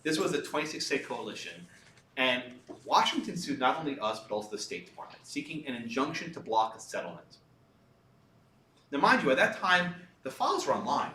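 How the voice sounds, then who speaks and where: A man, a lawyer, giving a talk and telling a story from his own cases in a lively, anecdotal way, laughing at parts of it. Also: medium pitch, fairly quick, roomy sound, recorded from a distance, a little hiss or hum. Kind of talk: storytelling lecture. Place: lecture room.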